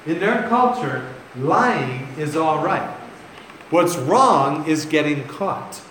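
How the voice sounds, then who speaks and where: A man's voice: a little high, animated, slow pace, a bit bright, a little hiss or hum. A man telling stories as a pastor in a sermon, folksy and joking, laughing at his own stories. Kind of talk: sermon storytelling. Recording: echoey room, faint ambience.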